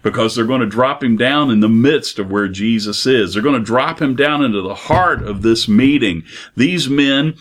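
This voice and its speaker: Earnest male preacher, mid-pitched, rhetorical questioning, sermon delivery. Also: normal speed.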